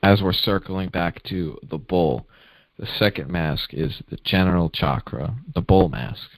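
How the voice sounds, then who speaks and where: Man, very low voice, podcast co-host, measured reading, dry recording. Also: creaky, dry recording, rough recording. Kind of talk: casual conversation and reading aloud.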